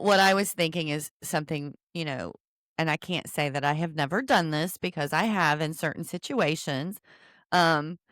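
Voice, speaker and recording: A woman co-hosting a casual podcast recap, easygoing and quick to laugh. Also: fairly low pitch, fairly bright tone, no echo, studio quality. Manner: easygoing, laughs often, agreeable. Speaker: podcast co-host.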